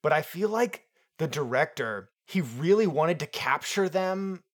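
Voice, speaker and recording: A man co-hosting a film review podcast in casual chat, talking in an animated, jokey way and laughing often. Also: a little high, a little slow. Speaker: podcast co-host.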